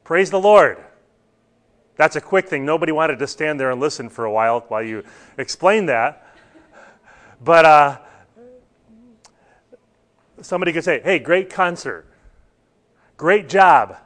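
A man's voice: a little high, animated, moderate pace, pauses often, a bit bright. A man teaching a church Bible class, talking earnestly and putting questions to his students.

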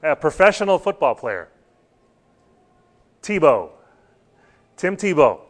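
A man's voice: fairly high pitch, very animated, slow. A man teaching a church Bible class, talking earnestly and putting questions to his students.

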